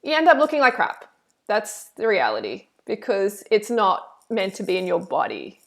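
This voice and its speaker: A woman reacting to a video and reading her live chat, animated and preachy, full of "like" and "you know". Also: medium pitch, normal speed, gravelly. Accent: Australian. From Australia.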